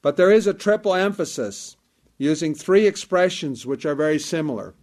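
A man delivers a sermon in a measured, emphatic cadence, his voice sitting a little higher than most men's. He returns to key phrases again and again, weighing each one. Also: animated, a little mellow. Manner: measured, emphatic preaching with repetition. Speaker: preacher.

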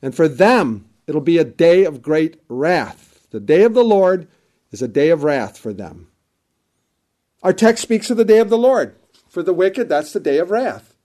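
A man's voice: a little high, expressive, measured pace, mellow. A man preaching a sermon with an emphatic, repetitive cadence, quoting scripture at length.

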